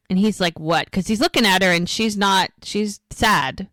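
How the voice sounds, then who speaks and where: A woman's voice: medium pitch, fairly quick, no echo. A woman co-hosting a podcast, casually recapping a TV episode and acting out the characters' lines. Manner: animated retelling, acts out dialogue.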